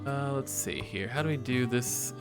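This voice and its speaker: A man's voice: medium pitch, normal speed, loud music behind the voice. A man chatting playfully with his live-stream chat, joking and drawing as he talks. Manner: playful and goofy, jokes with chat.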